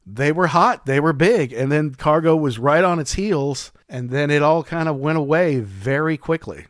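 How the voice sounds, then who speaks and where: A man's voice: on the high side, expressive, moderate pace, dry recording. Chatty man recapping a concert, dry sound. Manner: chatty, rambling retelling with many fillers. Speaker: podcast host. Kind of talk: casual chat.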